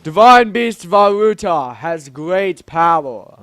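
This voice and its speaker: Casting: man putting on a grand old fish king, formal and slow, high and swooping voice. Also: expressive, a bit bright, clean tone, no room sound, heavily acted. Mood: solemn pleading. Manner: slow, stately, old-fashioned speech.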